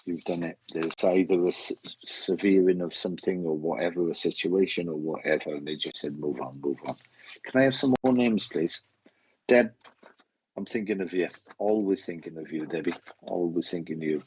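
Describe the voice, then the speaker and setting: A man giving live psychic readings on a stream, talking haltingly, repeating phrases and getting emotional. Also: low-pitched, a little mellow, highs cut off, a little hiss or hum. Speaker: psychic medium host.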